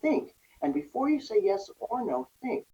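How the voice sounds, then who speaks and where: A woman's voice: a little high, very animated, normal speed, dark tone, a little hiss or hum. A woman guest on a podcast, talking earnestly about parenting and resilience and acting out little scenes in quoted speech. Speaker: guest, recovery and parenting coach. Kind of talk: conversational podcast advice. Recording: distant dull lo-fi mic.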